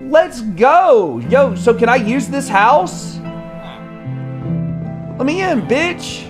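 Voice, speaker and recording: Loud, profane male gaming streamer. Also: very high voice, big pitch swings, very slow, over music. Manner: loud, profane, mock-aggressive, bursts into shouting. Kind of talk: casual game chat with crude trash talk.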